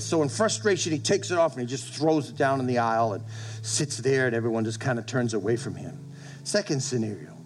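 A man's voice: mid-range voice, expressive, a little fast, faint music behind. A male pastor preaching a sermon to his congregation, emphatic, repeating phrases and restarting with stammers. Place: church service with congregation.

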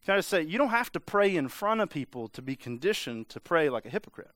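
A man's voice: a little high, sing-song, fast, a bit bright, dry recording. A man preaching a casual, conversational sermon, full of "like" and playful mimicry of voices. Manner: conversational, lots of filler "like", mimics voices for humor. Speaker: pastor.

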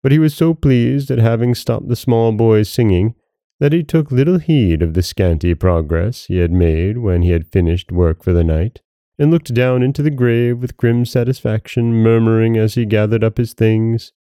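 A man with a low, mellow voice reads a classic tale in measured, dramatic narration. The recording is dry and close, with no room sound. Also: no echo. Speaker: storyteller. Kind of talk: scripted story narration.

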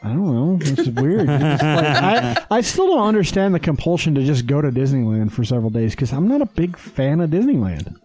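A man's voice: fairly high pitch, sing-song, brisk, hardly any pauses, a little mellow, faint music behind. A man hosting a casual podcast, rambling and swearing freely, with lots of fillers. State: hyped on energy drinks. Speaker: podcast host. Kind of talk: casual chat.

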